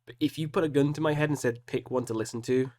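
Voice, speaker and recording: A man's voice: medium pitch, steady tone, fast talker, darkish tone. Man, casual commentary, chatty, agonizing over picks, self-mocking. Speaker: metal reaction host. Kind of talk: casual solo commentary while picking albums.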